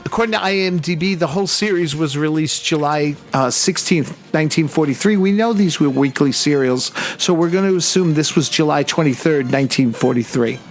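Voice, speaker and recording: A man's voice: fairly high pitch, a little fast, few pauses. A man hosting a podcast in casual chat, chatty and laughing often. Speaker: podcast host.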